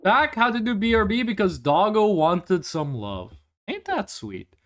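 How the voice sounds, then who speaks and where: A man's voice: high voice, sing-song, moderate pace, a bit bright. A young man streaming live, chatting casually and rambling in reply to his chat, often restarting his sentences.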